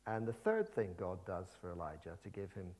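A man preaching a sermon in a conversational, animated storytelling manner, with restarts and light asides. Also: low voice, a little fast.

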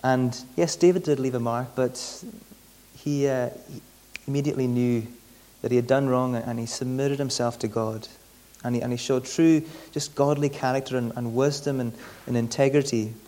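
A man's voice: medium pitch, steady tone, moderate pace, warm tone. Male preacher, conversational delivery, frequent restarts and repeated words. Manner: conversational, often repeats words mid-sentence. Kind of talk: sermon.

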